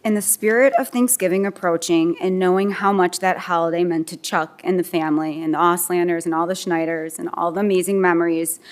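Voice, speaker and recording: A woman in her forties reads a eulogy as a daughter-in-law. Her tone is fond and reflective as she speaks. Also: fairly low pitch. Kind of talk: read eulogy.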